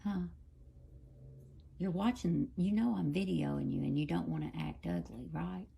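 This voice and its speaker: A woman's voice: fairly low pitch, measured pace, gravelly, dark tone. A woman talking to her dogs in a coaxing, scolding, sing-song way. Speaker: pet owner filming her dogs. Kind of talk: casual talk to dogs.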